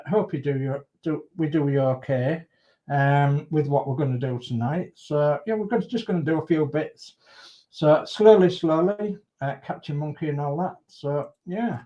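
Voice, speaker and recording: A man with a fairly high, slightly mellow voice hosts a casual model-building livestream, chatting in a friendly way, greeting viewers by name, and rambling with many restarts. The stream audio is dull and lo-fi.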